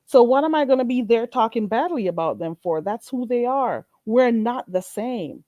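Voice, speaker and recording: A woman's voice: a little high, lively intonation, normal speed, dark tone, no room sound, lo-fi sound. A woman streams from her own channel, swinging her voice up and down as she mocks and scolds a viewer. She talks bluntly and with exasperation. The sound is dry and close. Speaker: channel host. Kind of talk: livestream rant.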